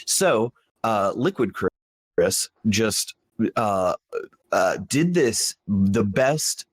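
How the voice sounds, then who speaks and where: A man with a low-pitched voice co-hosts a podcast in loose, casual chat. He rambles and restarts his sentences often. The recording is dry and close, with no room echo. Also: big pitch swings, extremely slow, slightly rough. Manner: rambling with frequent restarts and laughs. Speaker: podcast co-host.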